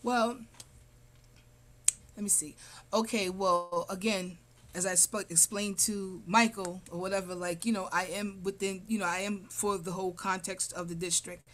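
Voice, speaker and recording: A woman's voice: medium pitch, steady tone, normal speed. A woman running for city council, answering interview questions over a video call in a rambling way, full of fillers and restarts.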